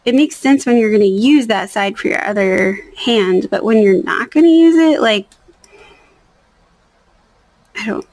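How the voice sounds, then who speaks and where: A young woman vlogs about nail art, chatting casually while doing her nails, rambling and trailing off into near-whispers. Her voice is fairly high and expressive at a moderate pace, and she speaks softly on a rough recording.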